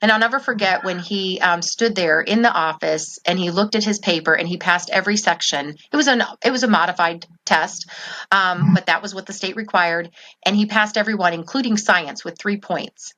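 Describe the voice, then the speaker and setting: A woman's voice: on the low side, normal speed, bright, forceful tone. A middle-aged woman telling her story as an interview guest, earnest and heartfelt, with frequent ums. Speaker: guest, parent advocate.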